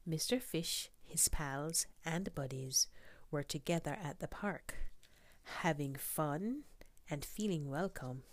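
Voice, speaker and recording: Woman, low voice, slow storybook read-aloud, soft whispery delivery, dry close sound. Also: no echo. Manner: soft, often whispered, questions to the child listener. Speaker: storybook reader. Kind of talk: children's picture book read-aloud.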